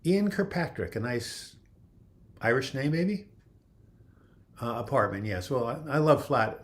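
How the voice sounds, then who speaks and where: A man's voice: medium pitch, animated, normal speed, pauses often. A man hosting a casual livestream, reading viewer comments aloud and answering them in a loose, rambling way. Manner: rambling, with frequent "you know" and restarts. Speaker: livestream host.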